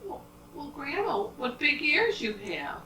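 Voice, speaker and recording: An innocent little girl in a red hood, earnest and wide-eyed, voiced by a woman reading a storybook. Bright tone, heard in a roomy space from a little way off. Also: high-pitched, very animated, slow pace, slight background noise, pitched above the performer's own voice, full character voice. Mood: wondering. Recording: roomy, distant home recording.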